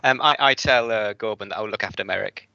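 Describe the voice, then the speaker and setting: A man's voice: lowish voice, a little fast, gravelly, sharp tone, no room sound. A man playing a tabletop game, asking hesitant rules questions full of ums. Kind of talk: casual chat. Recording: dry, muffled audio.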